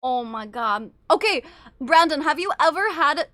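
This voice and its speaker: A young woman streamer chatting casually with her viewers, excitable and gushing, swearing freely. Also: sits high, measured pace, no echo. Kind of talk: casual live-stream chat.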